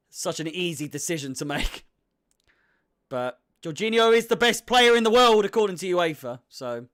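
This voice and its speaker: A man's voice: on the high side, a bit bright. A young man giving casual live commentary on a football match as a fan, swearing freely and sounding exasperated.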